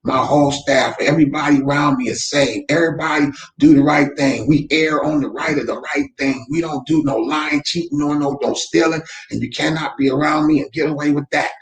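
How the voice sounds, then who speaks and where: A man running his company's weekly motivational talk from home, speaking fervently like a preacher and breaking into shouts. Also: a little high, fairly even intonation, a little fast, few pauses, echoey room. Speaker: real estate company owner, host. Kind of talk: live faith-based motivational talk. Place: room at home. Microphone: camera mic.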